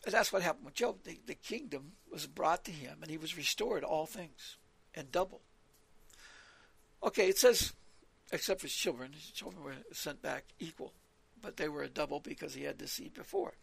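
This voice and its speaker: A man's voice: a little high, lively intonation, normal speed, creaky, slightly rough. A man giving an earnest, rambling evening Bible talk, reading scripture aloud and explaining it verse by verse. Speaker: preacher.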